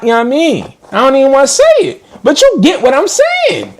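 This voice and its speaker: A man ranting casually to his live stream viewers in an animated, slangy way, often laughing. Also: very high voice, fairly quick, few pauses.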